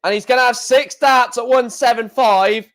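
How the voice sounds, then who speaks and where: An excitable man commentating live on a stream, shouting and repeating himself at big moments. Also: extremely high pitch, normal speed.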